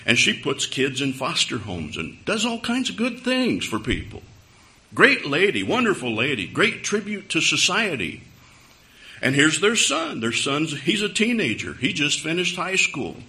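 A man's voice: fairly high pitch, wildly swooping pitch, unhurried, pushed and bright. A man preaching a sermon to a live congregation, telling a story in a conversational way with wry humor. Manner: speaks straight to a live congregation.

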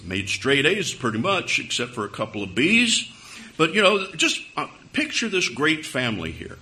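A man's voice: fairly high pitch, wildly swooping pitch, normal speed, sharp tone. A man preaching a sermon to a live congregation, telling a story in a conversational way with wry humor. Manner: speaks straight to a live congregation.

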